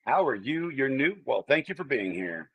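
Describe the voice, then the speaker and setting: Lively-voiced American man hosting a stream. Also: mid-range voice, normal speed, muffled recording, a little hiss or hum. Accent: General American. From United States. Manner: rambling, chatty, greets viewers by name. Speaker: livestream host. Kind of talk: casual livestream chat.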